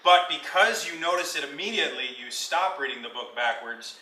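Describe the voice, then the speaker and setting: A man's voice: a little high, animated, a little fast, bright, forceful tone. A man narrating as dungeon master in a tabletop game, laughing often. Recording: echoey room, mic far off, faint hiss.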